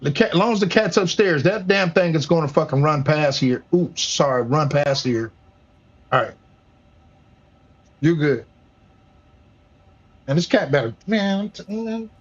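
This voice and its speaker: Profane high-voiced man streaming at home. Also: expressive, unhurried, pauses often, slightly rough, lo-fi sound. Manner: profane, loose, talks to family off-mic while streaming. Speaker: flight sim streamer. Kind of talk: casual livestream chat. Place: home gaming room.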